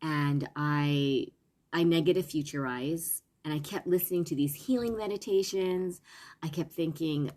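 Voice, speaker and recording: Parenting coach, woman, low voice, earnest and rambling live-stream talk. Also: measured pace, dark tone. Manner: meandering, earnest, many fillers and restarts.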